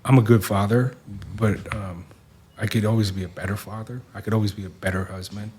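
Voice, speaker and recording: A man in his forties from the Seattle area, a podcast guest talking in a reflective, soft-spoken way with many fillers. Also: lowish voice, fairly even intonation, fairly quick, husky. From Seattle area, USA. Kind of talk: casual podcast conversation.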